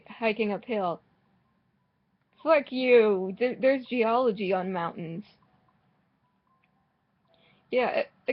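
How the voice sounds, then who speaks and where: Woman, gaming commentary, sarcastic, swears, unhurried, dull lo-fi mic sound. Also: mid-range voice. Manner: sarcastic, swearing, rambling with restarts. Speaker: gaming vlogger. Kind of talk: casual gameplay commentary.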